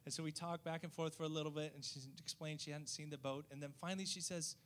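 A man, a missionary, telling a story in a lively way and acting out the voices of the people in it. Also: fairly high pitch, fast talker, few pauses. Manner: lively, acts out quoted voices. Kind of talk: storytelling testimony.

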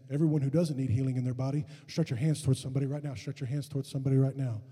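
A man's voice: mid-range voice, fairly even intonation, very fast, hardly any pauses, husky, in a large hall. A man preaching a sermon and leading prayer for healing in a church, impassioned and building to fervent peaks. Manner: impassioned, rising to shouted fervor. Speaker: pastor. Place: church sanctuary.

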